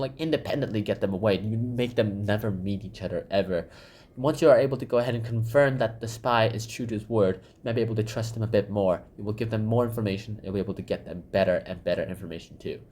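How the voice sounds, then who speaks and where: A man's voice: lowish voice, a little mellow. A man hosting a book summary channel, talking casually in a rambling way with lots of fillers.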